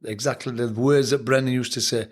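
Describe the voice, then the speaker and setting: A man's voice: mid-range voice, steady tone, fairly quick. An older man with a Sheffield accent, a boxing trainer telling reflective, blunt stories as a guest on a casual podcast interview. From England.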